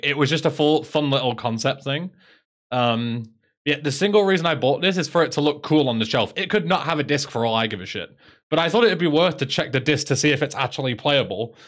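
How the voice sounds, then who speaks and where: A man's voice: mid-range voice, a bit bright. A man with an English accent chatting casually on a live stream, sarcastic and swearing freely.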